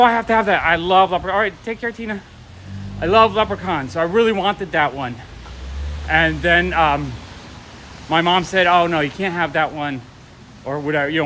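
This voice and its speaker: Middle-aged male vlogger, high voice, loose and chatty, faint city traffic behind. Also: a bit bright. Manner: rambling storyteller, chatty with viewers. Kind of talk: casual walking livestream chat. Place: city street outdoors. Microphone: phone or camera carried while walking. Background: traffic and street ambience.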